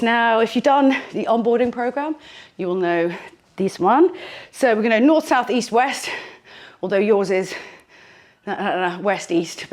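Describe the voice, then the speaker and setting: Chatty woman coaching a home workout. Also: fairly high pitch. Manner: chatty, self-deprecating, playful. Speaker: fitness instructor. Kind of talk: casual workout instruction. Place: small room at home. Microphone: handheld microphone.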